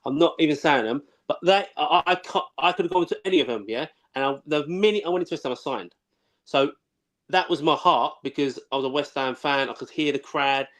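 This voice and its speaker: A man, telling blunt, excitable, sweary football stories in a casual live chat. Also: a little high, brisk. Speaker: former footballer, guest.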